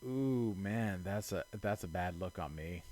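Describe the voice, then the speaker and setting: A young man giving casual let's-play commentary, exasperated and self-mocking, swinging between quiet mutters and loud outbursts. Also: sits low, animated, unhurried. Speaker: gaming channel host.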